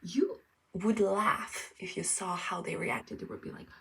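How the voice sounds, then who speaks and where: A tired woman from France chatting casually as she gets ready, rambling and now and then dropping to a soft whisper. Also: mid-range voice, a little slow, vocal fry. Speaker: vlogger. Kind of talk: casual get-ready-with-me chat. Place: at home getting ready. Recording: distant mic, faint room ambience.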